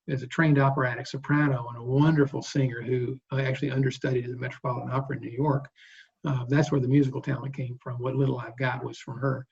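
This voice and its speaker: A man in his sixties, a guest bass player, telling stories in an interview in a relaxed, rambling way. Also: gravelly, slightly rough, lo-fi sound. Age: 60s. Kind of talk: interview storytelling.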